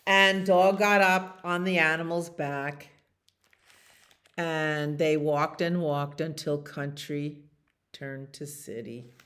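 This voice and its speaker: A woman librarian reading a picture book aloud to children in an animated, expressive way. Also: deep voice, slow.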